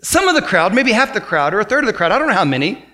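Bright, high-pitched preaching man. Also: big pitch swings, rapid-fire. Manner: emphatic, swings between loud exhortation and quiet explanation. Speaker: pastor. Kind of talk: sermon.

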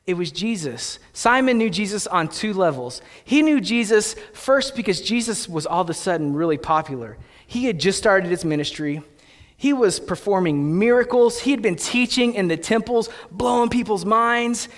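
High-voiced young preacher in a reverberant hall. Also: male voice, lively intonation, normal speed. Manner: conversational storytelling with playful asides. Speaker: pastor. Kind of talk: sermon.

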